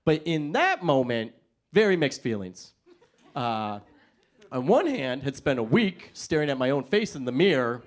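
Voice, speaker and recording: A man's voice: medium pitch, big pitch swings, a little slow. A male stand-up comedian telling a self-mocking story on a comedy stage, talking into a stage microphone.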